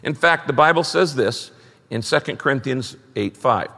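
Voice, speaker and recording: A middle-aged male pastor preaches with a lively, swooping delivery and a bright, forceful tone. He hammers points home by repeating them. The sound carries a long hall reverb. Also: mid-range voice, normal speed, creaky. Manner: animated preaching with emphatic repetition. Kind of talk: sermon.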